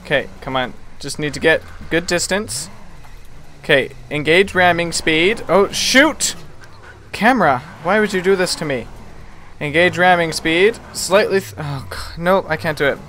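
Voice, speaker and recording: A man's voice: on the high side, expressive, normal speed, a bit bright, a little hiss or hum. A young man giving jokey, self-mocking let's play commentary, laughing often. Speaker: gameplay commentator.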